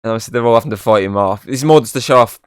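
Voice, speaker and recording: A man's voice: mid-range voice, very fast, smooth, no room sound, studio quality. A man hosting a casual film review podcast, rambling and leaning on filler words and restarts. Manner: rambling, leans on "obviously" and restarts.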